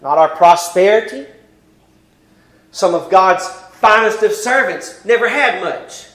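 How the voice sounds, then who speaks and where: A male preacher giving a sermon. He recites King James scripture and moves between hushed, quiet passages and loud, pleading ones. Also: sits high, lively intonation, measured pace, roomy sound, rough recording. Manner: swings from hushed near-whispers to loud impassioned pleading.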